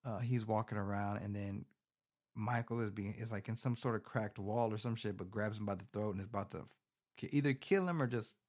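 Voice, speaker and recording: Man, casual film recap, heavy swearing, rambling, animated, phone mic. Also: on the low side, a little fast. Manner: profane, rambling, animated storytelling. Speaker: movie recapper. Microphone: phone camera.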